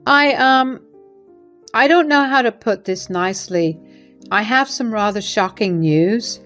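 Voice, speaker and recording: A woman voicing a remorseful middle-aged mother-in-law who speaks gently and apologetically. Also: on the high side, animated, a little slow, soft background music. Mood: worried.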